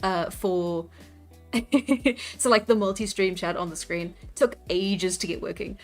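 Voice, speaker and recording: With faint music in the background, a young woman streams live as she draws, chatting casually, giggling, laughing often and frequently restarting. Her voice is fairly low in pitch, and she speaks a little slowly.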